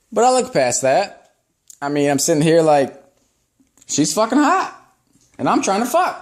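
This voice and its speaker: A man's voice: very high-pitched, expressive, unhurried. A young man doing a stand-up set, telling crude stories in a rambling, profane way. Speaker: stand-up comedian.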